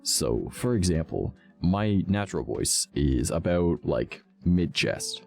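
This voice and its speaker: A man's voice: sing-song, takes it slowly, creaky, few pauses, faint music behind. A man streaming live in casual chat, a voice actor explaining how he uses his voice. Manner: jumps between natural voice and higher put-on voices.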